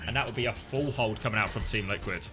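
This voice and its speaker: A man casting live esports, shifting between excitable play-by-play and chatty analysis full of fillers. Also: lowish voice, fast talker, music in the background. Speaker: esports caster.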